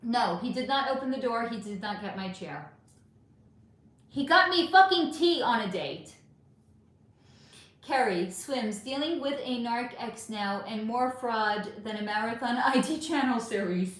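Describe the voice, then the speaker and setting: A woman's voice: on the high side, moderate pace, few pauses. A middle-aged woman hosting a casual livestream, reading chat comments aloud and ranting with plenty of swearing. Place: home room. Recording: echoey room.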